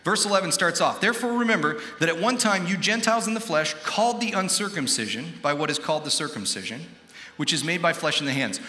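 Man, American accent, pastor preaching, animated, long reverb, roomy hall sound. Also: high-pitched. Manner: animated preaching, acting out quoted voices, asking the congregation. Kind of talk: sermon.

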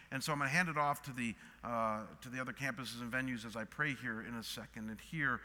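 Animated middle-aged male preacher, echoey hall. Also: mid-range voice. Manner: animated storytelling with repeated restarts. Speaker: pastor. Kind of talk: sermon with story and prayer. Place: church auditorium. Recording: long hall reverb.

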